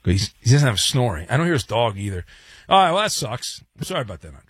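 A man's voice: mid-range voice, very animated, fast, slightly rough, no room sound, clean studio sound. A man hosting a sports talk radio show, chatty and joking with a sarcastic edge. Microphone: studio mic.

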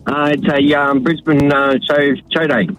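Australian male caller, halting speech, slightly dull phone line. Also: fairly high pitch, level tone, soft background music. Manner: hesitant, halting with fillers.

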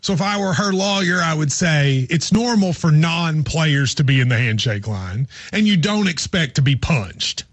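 Man on sports radio, husky and a bit high, chatty explainer with asides. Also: expressive, moderate pace, hardly any pauses, no room sound. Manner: explains at length, joking asides. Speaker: radio co-host and law teacher. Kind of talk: casual sports radio chat.

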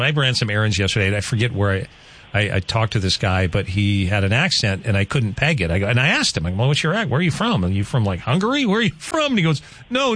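A man's voice: on the low side, fairly bright tone. A man hosting a morning radio show, talking in a rambling, chatty way and laughing easily. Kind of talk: casual radio chat. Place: radio studio.

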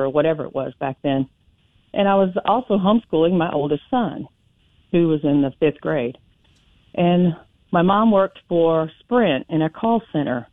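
A woman calling in to a radio talk show, telling a personal story in a chatty, animated way. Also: on the low side, dry recording. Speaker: caller. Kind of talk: phone-in storytelling. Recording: tinny phone line.

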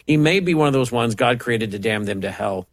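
A man's voice: mid-range voice, lively intonation, brisk, no room sound. A man teaching the Bible verse by verse, preaching with passion and firing off rhetorical questions and mocking asides. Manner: impassioned, rising to emphatic preaching on scripture. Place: at a computer, typing up passages.

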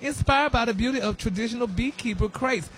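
Sassy high-voiced male gossip host. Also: brisk, a bit bright. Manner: flamboyant, sassy, peppered with "honey" and "baby". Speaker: celebrity news host. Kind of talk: gossip segment on a radio show.

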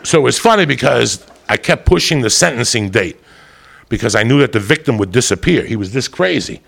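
A man's voice: mid-range voice, expressive, fairly quick, creaky, a bit bright, slightly rough. A man telling a rowdy comic story with heavy swearing and bursts of laughter. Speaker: comedian storyteller. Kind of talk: profane comic storytelling monologue.

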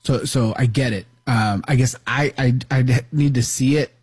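Husky, hesitant male radio co-host. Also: medium pitch, moderate pace, darkish tone. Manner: hesitant, stammering restarts. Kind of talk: casual talk radio chat.

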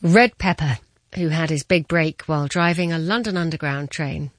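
A woman's voice: low-pitched, normal speed, dry recording. A woman presenting a segment as scripted narration.

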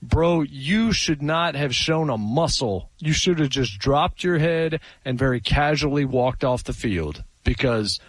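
A man co-hosting a sports talk show, opinionated and animated, often restarting his sentences. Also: mid-range voice, measured pace, few pauses, dry recording, rough recording.

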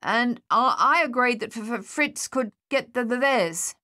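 A woman's voice: a little high, animated, pushed and bright, voice pushed up. Woman doing a stammering young soldier. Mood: earnest, stammering. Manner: stammering, halting.

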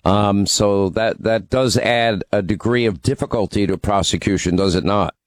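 A man's voice: on the low side, moderate pace, no room sound. A man hosting a political talk radio show, opinionated and emphatic, taking calls and teasing callers. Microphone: studio microphone.

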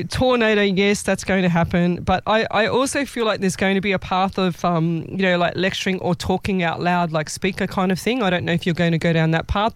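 Rambling woman giving psychic readings. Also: lowish voice. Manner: rambling, self-correcting, laughs often. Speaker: psychic medium. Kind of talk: live psychic reading on a show.

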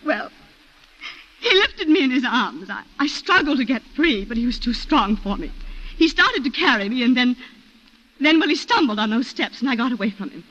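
A woman's voice: a little high, sing-song, normal speed, fairly bright tone. A woman in 1940s radio acting, playing a genteel planter's wife who recounts a shooting in a refined, emotional way, on a lo-fi old radio broadcast. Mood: distraught.

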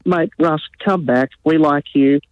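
A man's voice: on the high side, measured pace, no room sound. A man calling in to a radio show, rambling in a good-humored way. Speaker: radio caller. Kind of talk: casual phone chat. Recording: dull phone-line audio.

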